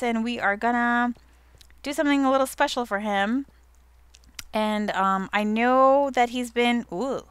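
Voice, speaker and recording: A woman's voice: a little high, fairly bright tone, clear, resonant tone, no echo. A young woman who hosts a gaming channel, chatting casually and giggling as she narrates her own gameplay.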